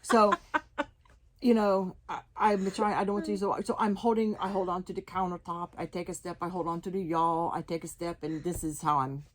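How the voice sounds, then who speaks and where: Give me a young woman with a lowish voice sharing a funny personal story, stopping and restarting often. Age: young adult. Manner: animated, laughing often, halting restarts. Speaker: guest sharing her testimony.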